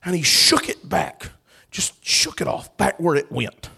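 A man preaching a sermon, telling a story with animation, bursts of shouting and laughter. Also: on the high side, expressive, measured pace, gravelly, slightly rough.

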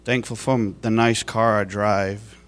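A man's voice: on the low side, fairly even intonation, measured pace, fairly bright tone, smooth, soft background music. A man giving an emotional church testimony, heartfelt and at times tearful, laughing at his own past.

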